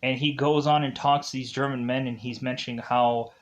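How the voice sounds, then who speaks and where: A man's voice: mid-range voice, fairly even intonation, a little fast, highs cut off. A man reviewing a film, retelling the plot in a rambling, casual way with many fillers.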